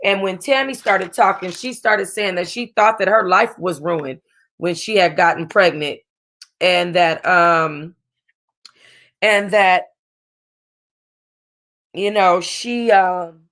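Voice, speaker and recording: A woman hosting her own review channel talks through a reality TV episode, fighting back tears as she goes. Her voice has a gravelly, fried edge, and she rambles in loose, slangy chat full of restarts. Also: lowish voice, takes it slowly, long pauses, a bit bright. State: close to crying. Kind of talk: casual chat.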